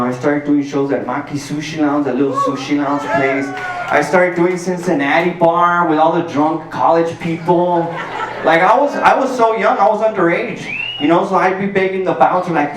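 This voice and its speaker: Male stand-up from El Paso, profane and animated, slightly higher register, roomy sound with faint background hiss. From El Paso, Texas. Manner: animated and profane, peppered with "like" and "dude". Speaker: stand-up comedian. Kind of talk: stand-up storytelling. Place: packed garage show. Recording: roomy sound from a distant mic.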